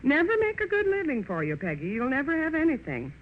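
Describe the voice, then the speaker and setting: A woman's voice: high voice, wildly swooping pitch, quick pace. An actress in 1930s radio drama playing a stern, disapproving middle-aged mother with an insistent, scolding manner. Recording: tinny noisy 1930s radio broadcast.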